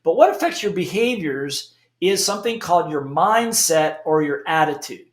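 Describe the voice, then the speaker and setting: Animated, emphatic middle-aged man in an echoey room. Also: on the high side, moderate pace. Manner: emphatic, animated, frequent "okay?" checks. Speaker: speaker. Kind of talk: motivational talk.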